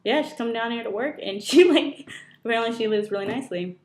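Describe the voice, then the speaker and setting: A woman's voice: a little high, quick pace, darkish tone. A young woman co-hosting a casual talk show, telling a rambling, giggly story with lots of fillers. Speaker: co-host. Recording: roomy echo.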